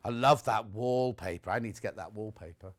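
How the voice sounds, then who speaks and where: A man presenting on a live TV shopping show, chatty and excitable, jumping between asides. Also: lowish voice, fairly quick. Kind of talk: live TV sales chat. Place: TV studio.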